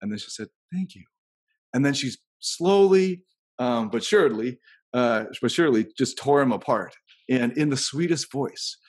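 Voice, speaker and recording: Husky-voiced man thinking aloud. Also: mid-range voice, animated, moderate pace. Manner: rambling, thinks aloud while telling anecdotes. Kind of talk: casual podcast conversation.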